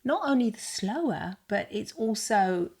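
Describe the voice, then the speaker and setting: A middle-aged woman from England co-hosting a podcast in casual chat, reflective and at times softly hushed. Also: mid-range voice, expressive, measured pace, husky. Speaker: podcast co-host.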